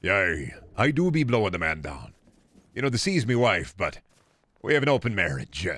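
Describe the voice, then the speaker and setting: A man voicing a crude, jolly old male sea pirate who talks in a rough sailor's dialect. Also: fairly low pitch, big pitch swings, moderate pace, a bit bright, pitched below the performer's own voice. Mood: bawdy.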